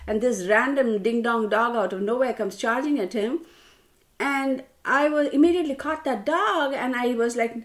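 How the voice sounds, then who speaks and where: A woman's voice: a little high, moderate pace. A woman tarot reader telling a rambling story straight to her viewers, calling them y'all.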